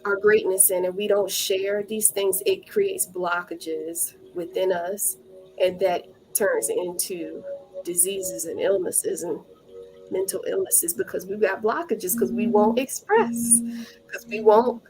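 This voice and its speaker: A woman's voice: mid-range voice, slow, over music. A woman around forty, a podcast guest sharing her experiences in casual, earnest interview talk and acting out the voices in her stories. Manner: earnest storytelling, acts out quoted dialogue. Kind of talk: casual spiritual interview chat.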